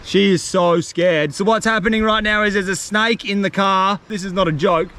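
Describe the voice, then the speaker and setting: A young man vlogging outdoors in the outback, chatty and reassuring, sometimes excitable. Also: sits high, moderate pace, a little hiss or hum. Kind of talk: casual vlog talk to camera and on the phone.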